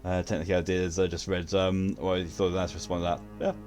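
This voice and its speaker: Over soft background music, this gamer talks fast in a deep, flat, slightly mellow voice. His stream chat is loose and casual, full of jokes, cursing and frequent laughter.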